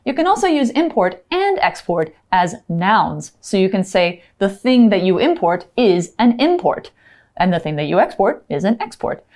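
A woman's voice: mid-range voice, big pitch swings, moderate pace, darkish tone. A woman co-hosting an English lesson, explaining words with casual everyday examples. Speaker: English teacher co-host.

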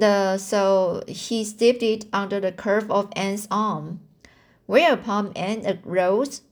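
A woman reading a classic novel aloud in a halting way, with frequent slips, fillers and restarts. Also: mid-range voice. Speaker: amateur reader.

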